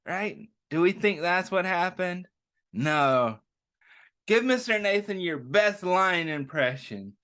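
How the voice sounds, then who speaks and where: A man reading a picture book aloud to young children at story time, stopping often to ask them gentle questions. He talks slowly, and his voice rises and falls a lot. It sits slightly above the usual pitch for a man. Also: very animated. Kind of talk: interactive picture-book read-aloud for kids.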